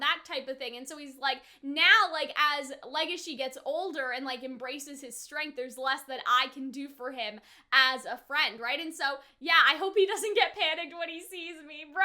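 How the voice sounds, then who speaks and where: A woman giving a casual, rambling anime reaction commentary, animated and full of "like". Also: high-pitched, moderate pace, few pauses. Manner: animated, rambling, heavy use of "like".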